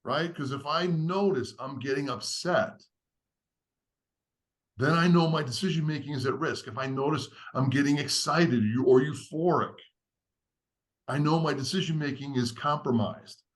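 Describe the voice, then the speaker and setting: A man's voice: a little high, moderate pace. A man, a podcast guest, earnestly walking through a step-by-step framework in a teacherly, structured way. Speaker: podcast guest, leadership author. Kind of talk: explaining a framework in conversation.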